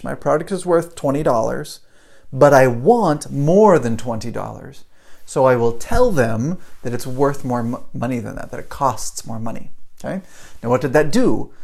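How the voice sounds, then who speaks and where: A man in his thirties hosting a podcast, telling a story casually to camera, animated, chuckling often and tossing in rhetorical questions. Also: mid-range voice, gravelly. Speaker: podcast host.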